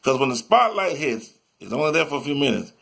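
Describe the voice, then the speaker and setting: A man's voice: mid-range voice, big pitch swings, fast talker, creaky, fairly bright tone. A man giving a rambling motivational monologue, repeating himself and sometimes breaking into sing-song chanting.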